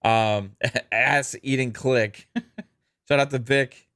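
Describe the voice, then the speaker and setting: A relaxed man co-hosting a casual gaming podcast, thanking viewers and riffing on news at an easy pace. His voice sits in a middle register and sounds close and dry, with no room around it. He fills pauses with ums and chuckles often. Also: mid-range voice, smooth, no echo. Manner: laid-back, laughs easily, many ums and uhs. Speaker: podcast co-host. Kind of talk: casual podcast chat reading super chats.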